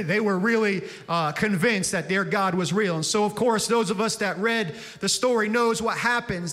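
A man preaching a sermon, telling the story with paraphrased quotes and rising to shouted calls to the congregation. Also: high voice. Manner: storytelling, building to shouted exhortation. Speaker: pastor.

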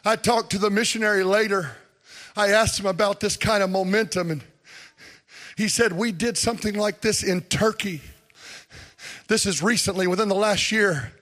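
A male preacher delivering an impassioned sermon in a church sanctuary, building to repeated shouted appeals to the congregation. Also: sits high, normal speed.

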